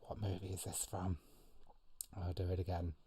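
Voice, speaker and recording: A man's voice: sits low, completely flat delivery, normal speed, warm tone, a little hiss or hum. A man hosting a casual live quiz, jokey and self-mocking, with plenty of ums. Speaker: quiz host.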